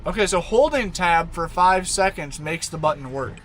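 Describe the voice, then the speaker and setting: A man's voice: a little high, lively intonation, moderate pace, fairly bright tone, slight background noise, rough recording. A man chatting casually on a live stream, rambling and talking baby talk to his dog.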